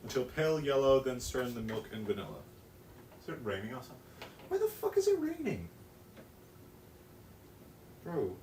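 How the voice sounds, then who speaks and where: A teenage boy live-streaming while he bakes, chatting in a rambling, self-mocking way and swearing casually. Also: mid-range voice. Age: teens. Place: home kitchen. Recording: echoey room, distant mic, noisy.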